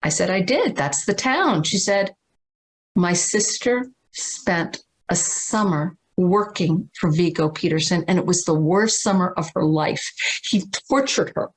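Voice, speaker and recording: A middle-aged woman from Massachusetts, telling an earnest, animated story as a guest teacher on a video call. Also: fairly low pitch, measured pace, low-quality recording. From Massachusetts, USA. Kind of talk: storytelling in a livestream talk.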